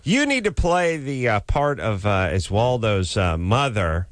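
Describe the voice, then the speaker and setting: A man's voice: lowish voice, sing-song, unhurried, no room sound. A man hosting a radio talk show, wry and rambling, coaching a guest through a bit at a studio microphone. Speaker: radio host.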